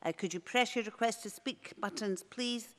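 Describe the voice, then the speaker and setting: A woman chairs a parliamentary session, calling speakers in a brisk procedural voice. The long reverb of the chamber hangs behind her words. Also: a little high. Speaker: presiding officer chairing debate. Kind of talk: formal chairing. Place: debating chamber.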